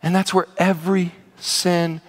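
A man preaching a sermon, animated, swinging from loud exclamations down to hushed low passages. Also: a little slow, big-room sound. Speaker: pastor.

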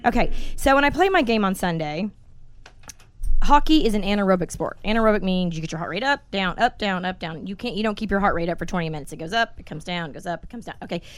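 A woman in her forties hosting a casual podcast, telling stories in a blunt, animated way and swearing freely. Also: mid-range voice, fast talker. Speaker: podcast host.

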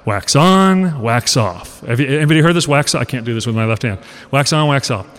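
A college professor in his forties giving an animated, conversational talk, asking his audience questions and acting out lines. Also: mid-range voice, quick pace. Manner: animated storyteller, acts out quoted lines. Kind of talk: casual lecture talk. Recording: long reverb of a hall.

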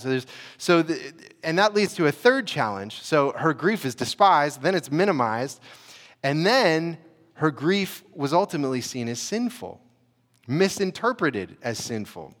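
A man preaching a sermon in a relaxed, conversational way, often saying "you know" and restarting his sentences. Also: fairly high pitch, normal speed, in a large hall. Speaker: pastor.

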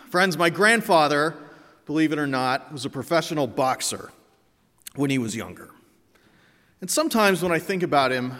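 A man's voice: on the high side, a bit bright. Winded man preaching in a reverberant church. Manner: wry, self-deprecating storytelling. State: a little out of breath. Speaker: pastor. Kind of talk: sermon. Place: church sanctuary.

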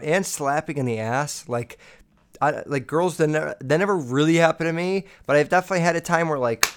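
A young man holds a casual podcast monologue with a clear, smooth voice at a middle pitch. He retells a story and keeps veering into crude, joking rants, leaning on filler words and swearing often. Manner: profane, joking asides, lots of fillers. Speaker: podcast host.

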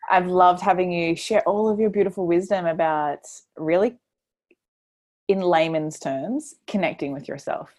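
A woman's voice: fairly low pitch, normal speed. A woman hosting a podcast interview, affirming her guest in a casual, filler-heavy way. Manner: warm and affirming, full of fillers. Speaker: podcast host.

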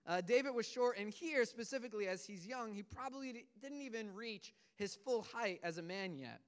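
A man's voice: high-pitched, lively intonation, normal speed, clean tone. A man preaching a sermon, retelling a scripture story in earnest, casual storytelling words. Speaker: pastor.

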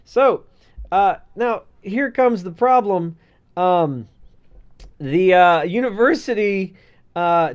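A man's voice: high-pitched, muffled recording. A man co-hosting a casual podcast, reading out a news story with sarcastic, swearing asides. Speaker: podcast co-host.

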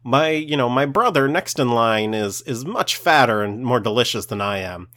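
A man's voice: medium pitch, expressive, normal speed, fairly bright tone, lightly acted. A man voicing a small, frightened billy goat who pleads. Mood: pleading.

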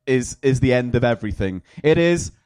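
A man's voice: mid-range voice, lively intonation, brisk, darkish tone, smooth, dry recording. A man hosting a casual comedy podcast segment, playful and rambling. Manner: playful, rambling, self-mocking. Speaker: podcast host.

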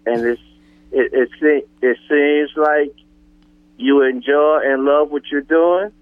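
A man with a New Orleans accent calling a radio show, affectionate and halting. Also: fairly high pitch, fairly even intonation. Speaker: caller. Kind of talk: phone call to radio. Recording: dull phone line.

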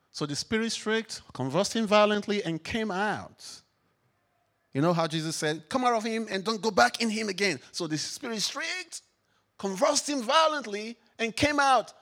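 A pastor with a fairly high-pitched voice preaches a sermon emphatically, swinging between loud declarations and quiet reflection.

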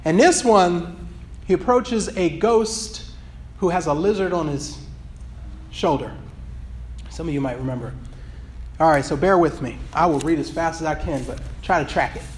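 A man's voice: a little high, moderate pace, pauses often, slight background noise. A man preaching in a loose, rambling way, with many restarts, before reading from a book. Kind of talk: sermon with read excerpt.

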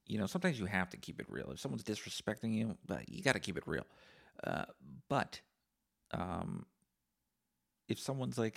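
A man's voice: on the low side, very animated, normal speed, vocal fry. A man hosting a casual solo podcast, talking in a profane, sarcastic, rambling way. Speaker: podcast host.

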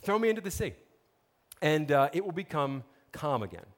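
A man's voice: a little high, very animated, normal speed. A man playing Jonah, a sheepish prophet who talks about his own mistake in an offhand, self-mocking way. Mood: resigned.

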